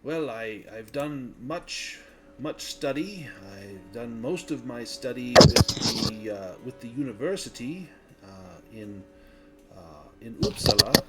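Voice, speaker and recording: A man's voice: mid-range voice, lively intonation, takes it slowly, a bit bright, soft background music. A man voicing an aloof, obsessive scholar who stammers fussily and gets defensive about his studies.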